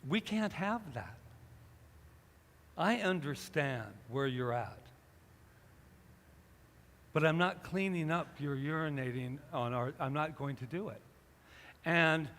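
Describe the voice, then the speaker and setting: Man, pastor, sermon, higher voice, storytelling, reverberant hall. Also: fairly bright tone. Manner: storytelling, acting out both sides of a conversation. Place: church hall.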